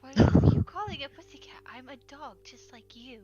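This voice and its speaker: A woman's voice: high voice, expressive, normal speed, mellow, dull audio, faint music behind. Woman playing a haughty hairless paladin pet. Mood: indignant. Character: haughty hairless polymorphed paladin, cat-like dog. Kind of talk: tabletop role-play over voice chat.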